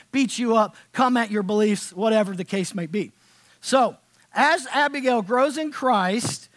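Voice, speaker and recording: A man pastor preaching a conversational sermon in a church, dropping to hushed tones and rising to loud, emphatic passages. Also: very high-pitched. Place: church sanctuary.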